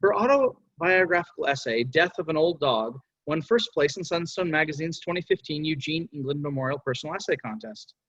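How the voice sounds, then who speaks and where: A slightly high-voiced man reads a formal introduction at an even, steady pace. The sound is dry and lo-fi, dull at the top. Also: a little fast, few pauses, no echo. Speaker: panel moderator. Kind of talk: reading a speaker introduction.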